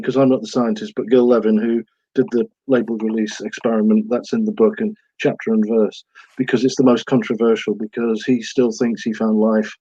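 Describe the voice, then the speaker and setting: A man's voice: mid-range voice, dark tone, slightly rough, dry recording, muffled recording. Eager middle-aged British man on call. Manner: eager, rambling. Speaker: author guest. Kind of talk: enthusiastic interview answers.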